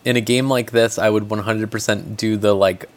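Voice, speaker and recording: A man with a somewhat low voice hosts a casual podcast. He talks in a loose, rambling way, with plenty of filler words. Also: normal speed. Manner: relaxed, lots of "like" fillers. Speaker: podcast host.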